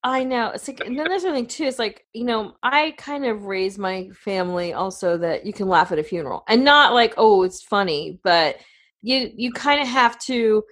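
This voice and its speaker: A middle-aged woman in casual conversation, telling family stories in a rambling, animated way with many fillers. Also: fairly high pitch, moderate pace. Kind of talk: casual chat.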